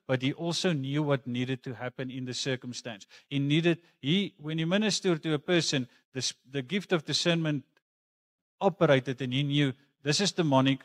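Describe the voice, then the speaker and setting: A man preaching a sermon in a church, talking earnestly and conversationally and mixing in personal stories. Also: fairly high pitch. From South Africa. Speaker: pastor.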